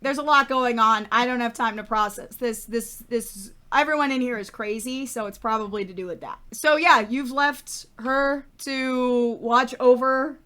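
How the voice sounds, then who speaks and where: A woman running a tabletop game as game master, playful and casual, with quick asides and swearing. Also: a little high, pushed and bright, smooth.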